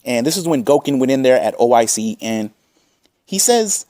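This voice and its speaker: A man's voice: medium pitch, animated, normal speed, dark tone, no room sound, studio quality. A man hosting a commentary channel, combative and profane as he reads out and mocks chat messages. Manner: combative, swearing, reads chat quotes aloud.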